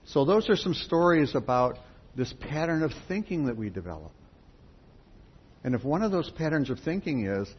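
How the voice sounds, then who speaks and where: A man's voice: medium pitch, expressive, normal speed. A man speaking at a spiritual gathering, a folksy storyteller who tells parables and talks straight to his group. The sound is dull and lo-fi with faint background noise. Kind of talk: sermon with storytelling.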